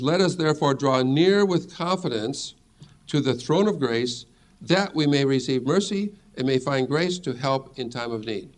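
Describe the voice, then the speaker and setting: A middle-aged man teaching a sermon as a pastor, earnest and reassuring as he reads scripture aloud. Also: mid-range voice.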